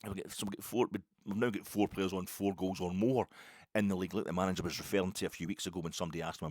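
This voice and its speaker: A man hosting a solo football podcast, rambling and excitable with lots of restarts and asides. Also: sits low, fast, dry recording, clean studio sound. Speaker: podcast host.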